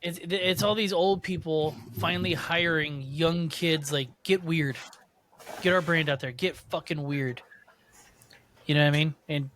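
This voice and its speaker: A man's voice: on the high side, fairly even intonation, a little slow, fairly bright tone. A man co-hosting a podcast in casual chat, laid-back and drawling, calling the others dude. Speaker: podcast co-host.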